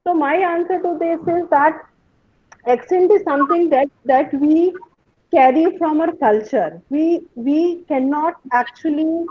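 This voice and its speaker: A woman's voice: sits high, measured pace, no echo. A woman giving a webinar lecture and answering questions, explaining patiently, often repeating words and checking in with "right?". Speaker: guest speaker. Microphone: video call. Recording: dull, dry webinar audio.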